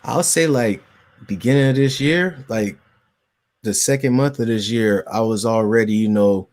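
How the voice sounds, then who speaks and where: A young man hosting a casual podcast conversation, laid-back and quick to agree and chime in. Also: mid-range voice, a little mellow. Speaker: podcast host.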